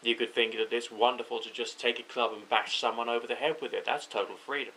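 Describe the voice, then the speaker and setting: A man's voice: medium pitch, steady tone, fast, vocal fry, pushed and bright, a little hiss or hum, poor audio. Overtired British man rambling late at night. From United Kingdom. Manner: rambling, self-correcting. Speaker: vlogger. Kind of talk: late-night thinking out loud.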